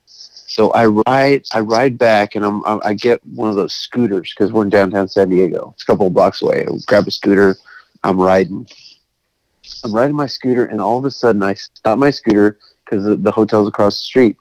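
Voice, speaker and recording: A man in his late thirties telling a story in casual chat, animated and swearing, acting out quotes. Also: fairly low pitch, moderate pace, no room sound, low-quality recording. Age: 30s.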